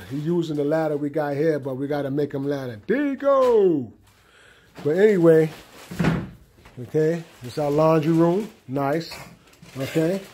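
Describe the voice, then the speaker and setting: A middle-aged man giving a casual tour of his apartment, often checking in with "okay?". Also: on the high side. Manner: relaxed, repeats "okay?" often. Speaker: home tour vlogger. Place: apartment room indoors.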